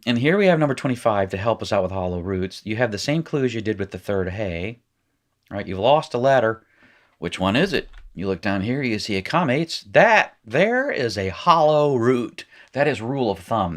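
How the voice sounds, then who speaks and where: Low-voiced man teaching, rambling and wry. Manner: rambling, self-interrupting, wry asides. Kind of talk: recorded language lesson.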